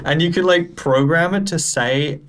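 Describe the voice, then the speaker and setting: A man's voice: a little high, normal speed, a bit bright. A man co-hosting a gaming podcast, joking and swearing freely. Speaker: podcast co-host. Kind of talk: casual gaming podcast chat.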